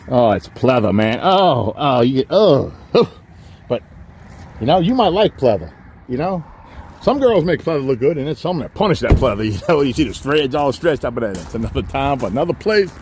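A man giving a folksy, joking walkaround sales pitch on a used car lot. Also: darkish tone, a little hiss or hum. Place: outdoors on a rainy car lot.

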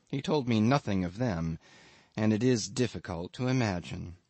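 Measured male audiobook narrator. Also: medium pitch, no echo. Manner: measured, reflective storytelling. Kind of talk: scripted literary narration.

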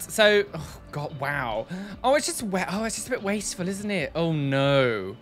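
A man's voice: fairly high pitch, very animated, moderate pace, fairly bright tone, faint music behind. A man hosting a casual reaction video, blunt and exasperated, often sighing and repeating himself for emphasis.

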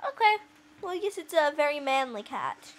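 A woman's voice: sits high, very animated, moderate pace, a little hiss or hum, low-quality recording. A woman chatting playfully through a let's play, with quirky asides while reading the game's lines. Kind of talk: casual gameplay commentary.

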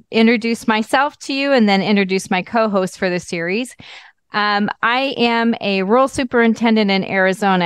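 A woman hosting a podcast interview, giving welcoming, measured introductions. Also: mid-range voice, clean tone, dry recording. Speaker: host, school superintendent.

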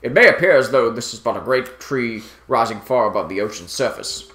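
A man's voice: medium pitch, brisk, bright, forceful tone, lightly acted. Man voicing a solemn old talking boat, formal and commanding, in a roomy echoey room. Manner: solemn, formal delivery of game dialogue.

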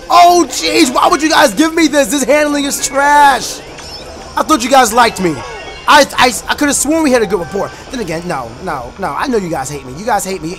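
A young man giving excited, rambling commentary while playing a racing game, shouting at rivals and breaking into freestyle raps. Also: high voice. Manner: animated, bursts into shouts and freestyle rapping, fast rambling asides. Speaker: gaming YouTuber. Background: game music.

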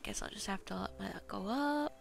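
A woman's voice: mid-range voice, fairly quick, creaky, music in the background. A woman casually talking to herself as she plays a video game, chatty and self-mocking. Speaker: gaming channel host. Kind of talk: casual gameplay commentary.

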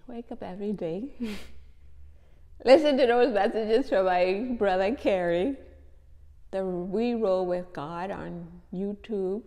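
A woman's voice: mid-range voice, vocal fry, dark tone, long reverb tail. A tired, tearful woman speaking to her viewers in a heartfelt testimony, repeating her phrases. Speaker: faith vlogger.

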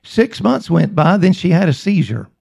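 A male preacher telling a story in a sermon, with slow, emphatic, repetitive phrasing. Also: high voice, sing-song, creaky, darkish tone, breathy edge.

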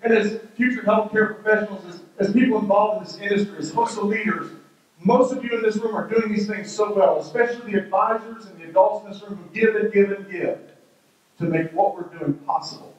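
A man in his thirties giving a keynote speech, telling a funny story with acted-out quotes and lively delivery. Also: sits high, brisk, far from the mic, muffled recording. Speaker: keynote speaker. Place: large hall with an audience. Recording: very echoey hall, heard from afar.

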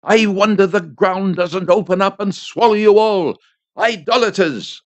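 A man's voice: high voice, lively intonation, a little fast, no room sound. A man voicing a stern, angry village priest who scolds and threatens in a storybook reading. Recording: dry, slightly dull home studio.

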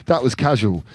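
A man's voice: a little high, breathy edge. A man hosting a casual video with friends, playful and laughing often, repeating phrases as he talks. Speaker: DJ and video host.

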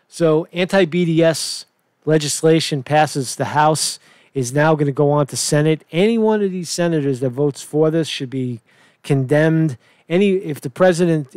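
A man reads news items aloud and reacts with indignant, rambling commentary, peppered with "right?" and the odd swear word. His voice sits a little high for a man. The recording is dry and close, with no room sound. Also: a little mellow, no echo. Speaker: independent political commentator. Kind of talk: solo political commentary reading news.

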